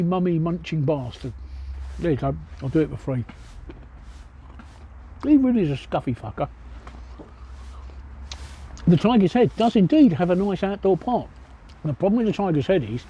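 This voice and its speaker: A man's voice: fairly high pitch, dark tone, slight background noise. A Cockney man from East London livestreaming from an outdoor pub table, chatting bluntly with viewers and swearing freely. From East London, England. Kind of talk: casual livestream chat answering viewers. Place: outdoor pub seating by a street.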